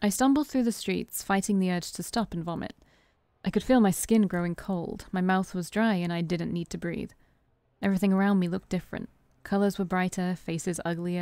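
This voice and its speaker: A woman's voice: on the low side, brisk, smooth, no echo. Woman reading a game's text aloud. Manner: expressive, chatty, self-deprecating asides. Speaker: streamer playing a visual novel. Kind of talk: reading game text aloud with casual asides.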